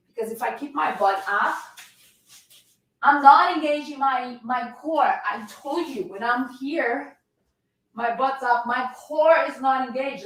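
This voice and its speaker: In a very echoey room, recorded from a distance, a woman leads a live workout class as a fitness coach. Her voice is on the high side with a fairly bright tone, and she encourages viewers energetically while demonstrating a plank, shaking from the effort.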